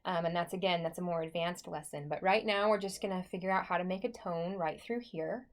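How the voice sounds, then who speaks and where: A woman's voice: fairly low pitch, a little fast. A woman voice teacher talking through a singing lesson in a chatty, encouraging way, with many likes and okays.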